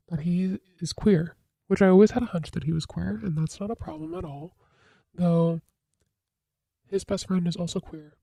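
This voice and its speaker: A young woman hosting a podcast, telling a casual confessional story in a chatty, filler-heavy way with sudden dramatic jumps in pitch. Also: gravelly, dark tone, dry recording. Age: young adult. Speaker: podcast host.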